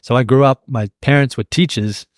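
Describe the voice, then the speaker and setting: A young man from Australia with a mild Australian accent, co-hosting a podcast and telling stories in a casual, animated way. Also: medium pitch, normal speed, dry recording, clean studio sound. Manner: animated storyteller, jumps between tangents. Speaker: podcast co-host. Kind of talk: casual chat.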